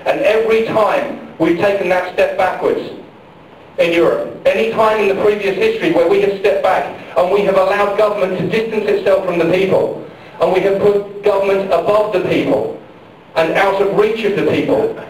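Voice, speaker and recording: A middle-aged man giving an impassioned political speech at a public forum, repeating questions and phrases for emphasis. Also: high voice. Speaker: campaign speaker at a public forum. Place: large public hall during a power failure. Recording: very echoey hall, picked up from far off, faint noise.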